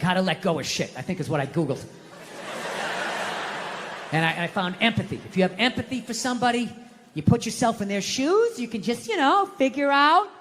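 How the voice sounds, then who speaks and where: A man does a stand-up set in a big room, his voice high and bright as he rants and swears his way through the bit. The long echo of the hall hangs behind him, with a faint hiss underneath. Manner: ranting, swearing, acts out quotes. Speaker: stand-up comedian. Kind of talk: stand-up routine. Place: comedy club stage. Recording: echoey hall with faint noise.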